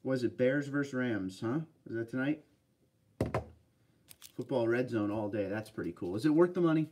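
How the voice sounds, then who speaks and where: A relaxed man hosts a casual livestream, chatting easily and answering viewers one after another. His voice sits at an ordinary middle pitch. He sounds a little distant from the microphone. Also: normal speed, noisy background. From Pennsylvania. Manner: relaxed, chatty, reads viewer comments aloud. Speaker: livestream host reading chat. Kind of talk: casual live chat.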